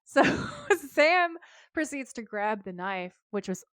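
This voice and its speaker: A woman co-hosting a podcast, recapping an episode in casual chat and acting out the characters' lines with quick shifts of voice. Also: a little high, big pitch swings, a bit bright, smooth, no echo, studio quality. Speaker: podcast co-host.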